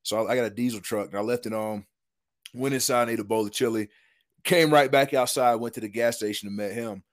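A man who used to play lineman in football rattles off a hunting story fast in a medium-pitched voice. It's an easygoing, animated, slang-heavy telling, full of "dude" and "man."

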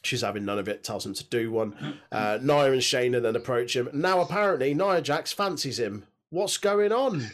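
A man hosting a casual podcast, recapping a wrestling show with lots of swearing and high laughing outbursts, on a desk mic with headphones. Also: moderate pace, hardly any pauses. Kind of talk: casual chat.

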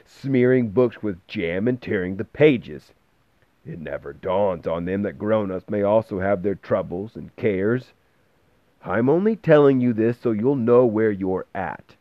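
A man voicing a gruff, grumbling old male bookseller who speaks slowly and with disapproval, recorded with a dull, dry sound. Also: deep voice, no room sound.

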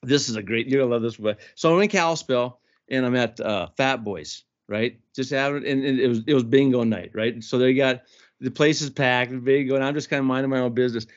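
A man co-hosting a podcast, telling a lively story in casual chat and acting out the people he quotes. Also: medium pitch, a little fast. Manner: animated storyteller, acts out quoted voices. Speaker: podcast co-host. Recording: dull lo-fi podcast audio.

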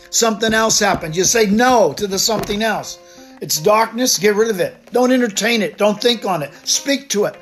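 A man with a rather high voice preaches a fervent devotional sermon as a missionary. He declaims scripture and repeats phrases for emphasis. Faint music plays softly underneath. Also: lively intonation, normal speed. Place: Japan.

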